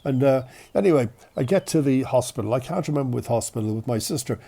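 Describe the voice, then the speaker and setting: Gravelly man with a cold. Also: mid-range voice, quick pace. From Ireland. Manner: chatty, self-deprecating, animated storytelling. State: has a cold. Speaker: podcast host. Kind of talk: casual storytelling.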